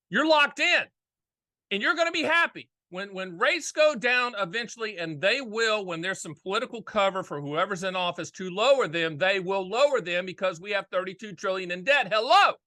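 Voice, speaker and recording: A man's voice: sits high, bright, forceful tone, no echo. A middle-aged man with a Southern US accent, hosting a casual video talk with a folksy, emphatic delivery full of rhetorical questions. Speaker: annuity agent and show host.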